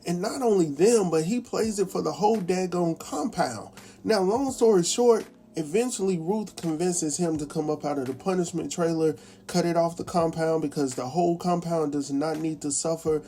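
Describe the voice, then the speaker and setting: A man hosting a casual TV episode recap, chatty and colloquial, acting out the characters' lines as he goes. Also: a little high. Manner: animated, acts out characters' lines in quick impressions; chatty, colloquial, laughs at his own asides. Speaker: recap show host.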